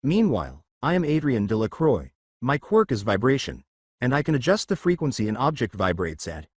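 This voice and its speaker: A man playing an overly polite, slightly awkward French man with a light French accent. His speech is lively in pitch. The sound is dry and close. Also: a little fast, breathy edge, no room sound.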